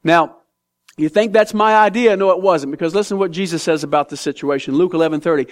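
A man's voice: sits high, a little fast. A man preaching a sermon in an emphatic, conversational way, speaking straight to his congregation.

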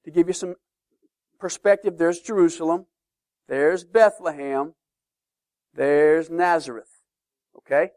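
A man teaching a sermon-style Bible lesson to a class, emphatic and lively, often checking in with questions. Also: a little high, slow pace, pauses often, clean tone, no room sound, studio quality.

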